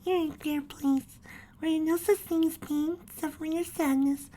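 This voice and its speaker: A woman voicing a sweet little filly pony who comforts her brother, in a very high childlike voice. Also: moderate pace. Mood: comforting. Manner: gentle and comforting.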